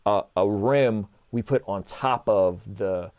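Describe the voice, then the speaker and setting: A man's voice: fairly low pitch, takes it slowly, clean tone, no room sound. A man in his thirties telling stories in casual conversation, acting out dialogue and often adding "like" and "right?". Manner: animated storyteller, acts out dialogue, frequent "like" and "right?". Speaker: guest.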